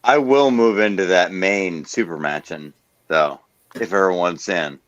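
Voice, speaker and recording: A man's voice: low voice, unhurried, no room sound, lo-fi sound. A man hosting a casual stream chat, blunt and swearing constantly. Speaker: stream host. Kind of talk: casual profane group chat.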